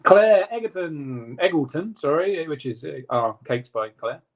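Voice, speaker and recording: A man co-hosting a casual live stream, reading out viewer comments in a quick, jokey way. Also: fairly high pitch, expressive. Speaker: co-host reading live chat.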